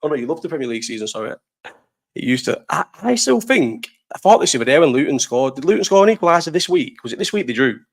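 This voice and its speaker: A man's voice: fairly high pitch, very animated, quick pace, gravelly. Chatty young Lancashire man, swearing and rambling. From Bolton, North West England. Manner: rambling, swearing, laughs a lot. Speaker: live stream host. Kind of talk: casual chat answering live chat.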